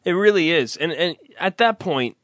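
A male comedy radio host who teases and swears his way through the banter. His voice is high and very animated, with a bright, sharp edge and a close, dry sound. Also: dry recording. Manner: teasing, profane, quick to laugh.

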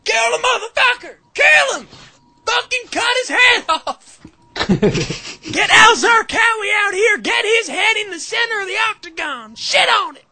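A man voicing a prim older female librarian who starts out calm and breaks into screaming at a fight. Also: medium pitch, normal speed, breathy edge, dry recording, pitched above the performer's own voice. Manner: calm primness snapping into screaming.

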